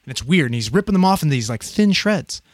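A man's voice: a little high, fast, no echo. A man in his thirties, a paramedic, casually telling a story with lots of swearing and acted-out voices. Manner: profane, animated, acts out quoted voices.

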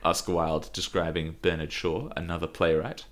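A man's voice: low-pitched, level tone, normal speed. A man co-hosting a casual podcast, reading out famous quotes with lifted emphasis and laughing often between them. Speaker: podcast co-host.

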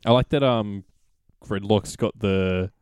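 A man's voice: on the low side, steady tone, slow, darkish tone, slight background noise. An Australian man co-hosting a podcast, chatting casually and enthusiastically about games. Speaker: podcast co-host. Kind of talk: casual gaming chat.

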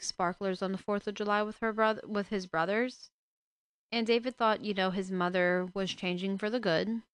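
A woman's voice: medium pitch, a bit bright, clear, resonant tone, dry recording. A woman hosting a casual book talk, retelling a story with emotional, indignant asides. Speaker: book discussion host.

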